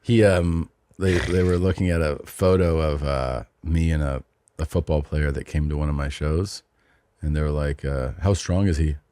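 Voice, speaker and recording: A man's voice: a bass voice, steady tone, normal speed, dark tone, no echo. A man co-hosting a casual comedy podcast, telling rambling stories in a laid-back way and swearing freely. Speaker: podcast co-host.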